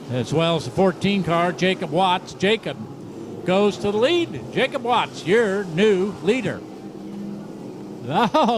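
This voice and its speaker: A man's voice: sits high, noisy background. A man with a Southern US accent announcing a dirt track race live over the PA, joking and rattling off the starting lineup. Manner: joking, laughs at himself, reads lineups briskly.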